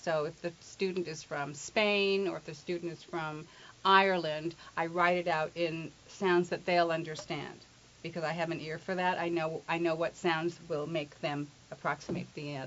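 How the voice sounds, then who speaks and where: A middle-aged woman from England speaks as an accent coach, shifting between explanation and playful spoken demonstrations. Her voice sits a little low and she teases her interviewer. The recording sounds dull and lo-fi. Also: a bit bright.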